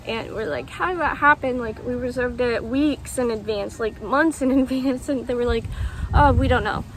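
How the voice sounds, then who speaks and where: A young woman vlogger telling a story casually, rambling with lots of ums and acted-out quotes. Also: fairly high pitch. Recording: faint background noise.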